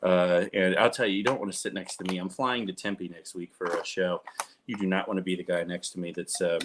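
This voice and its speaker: A man's voice: low-pitched, fairly even intonation, brisk, background noise. A man in his thirties chatting casually to camera, rambling and poking fun at himself with frequent restarts. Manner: rambling, self-mocking, restarts often. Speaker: vlogger.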